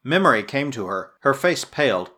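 Husky man narrating a story, lively. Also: medium pitch, moderate pace. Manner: expressive first-person storytelling. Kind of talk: audiobook narration.

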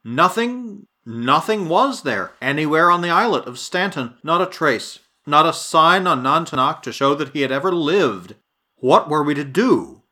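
A man's voice: a little high, animated, moderate pace, pushed and bright, pitched above the performer's own voice. A man reading the part of a shaken, earnest male scientist with an urgent, insistent delivery.

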